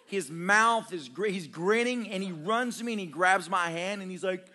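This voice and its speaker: High, bright-voiced joking pastor. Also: male voice, moderate pace. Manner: humorous, self-deprecating, laughs often while talking; conversational, addresses congregation directly. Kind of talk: storytelling sermon.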